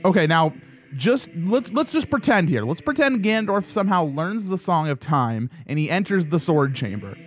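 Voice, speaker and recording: A man's voice: sits high, big pitch swings, normal speed. A man hosting a gaming video, giving scripted commentary with playful asides. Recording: faint background music.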